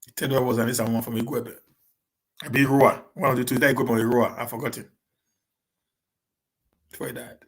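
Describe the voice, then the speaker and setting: A man with a Nigerian accent chats casually with viewers on a live Q&A stream. He drops in Pidgin English, stammers and restarts his words, and rushes ahead on purpose so he does not get stuck. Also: medium pitch, little pitch movement. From Edo State, Nigeria. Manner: talks fast on purpose to avoid getting stuck.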